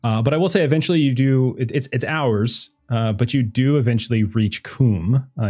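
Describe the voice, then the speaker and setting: Husky-voiced man running a tabletop game. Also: lowish voice, dark tone. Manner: rambling, filler-heavy narration. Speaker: game master.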